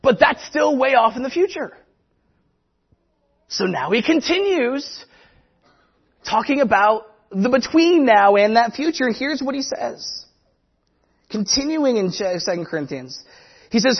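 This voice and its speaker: A man preaching a casual, animated sermon to a congregation, talking conversationally with quick asides. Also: very high voice, breathy edge, lo-fi sound. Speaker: pastor.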